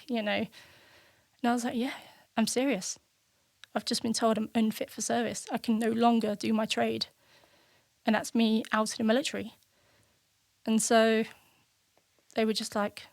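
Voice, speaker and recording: A woman's voice: a little high, no room sound, clean studio sound. A woman in her thirties from the United Kingdom, a podcast guest telling her personal story in a candid, reflective way and acting out remembered conversations. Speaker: podcast guest, military veteran.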